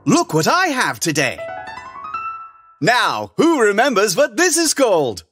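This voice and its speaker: A woman's voice: mid-range voice, wildly swooping pitch, measured pace, over loud music. A woman playing a cheerful male frog who hosts a preschool sing-along and quizzes children. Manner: cheerful, asks children questions. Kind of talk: preschool video hosting.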